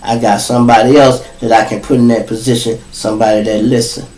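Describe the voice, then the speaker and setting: A man's voice: mid-range voice, fast talker. A man with a Chicago accent hosting a podcast, telling a profane street story and talking straight to his listeners. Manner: profane, animated, addresses listeners as y'all. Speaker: podcast host. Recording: echoey room, distant mic.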